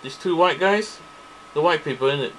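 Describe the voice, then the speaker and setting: A man's voice: on the high side, normal speed, a bit bright, a little hiss or hum, low-quality recording. A man ranting angrily to camera, profane and repetitive, circling back to the same complaints. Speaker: vlogger. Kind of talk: angry ranting monologue to camera.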